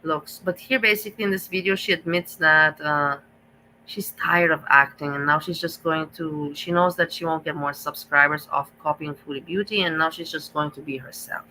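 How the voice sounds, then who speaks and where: Lady reacting to a video live, bright sharp voice, rambles and repeats herself. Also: low-pitched, steady tone, normal speed, slight background noise, poor audio. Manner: rambling, repetitive, gossipy, with restarts. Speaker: reaction streamer.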